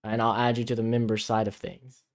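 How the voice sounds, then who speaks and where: A man's voice: fairly low pitch, flat delivery, fairly quick. A man co-hosting a casual livestream from home, chatting and reading viewer comments aloud. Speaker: livestream co-host. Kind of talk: casual live-stream chat. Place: home in the Philippines. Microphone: camera-mounted mic, out of frame.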